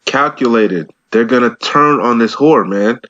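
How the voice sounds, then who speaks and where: A man's voice: mid-range voice, a little slow, a bit bright, dry recording, dull audio. A man giving loose, streetwise commentary on scripture, rambling and peppering his talk with slang. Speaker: bible teacher.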